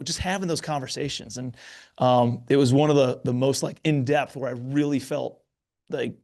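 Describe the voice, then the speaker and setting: A man in his thirties hosting a podcast, chatting in an encouraging way about his young kids. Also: mid-range voice. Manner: warm encouraging, lots of affirmations. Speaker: podcast host. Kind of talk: conversational interview.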